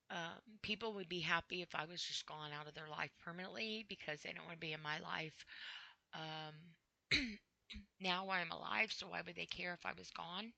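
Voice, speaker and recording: A woman hosting a podcast, talking slowly and haltingly about her own feelings, with a dry throat that she clears often. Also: on the low side, pushed and bright, no room sound, low-quality recording. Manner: slow, halting, with frequent throat clearing and sighs. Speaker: podcast host. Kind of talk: personal spoken reflection.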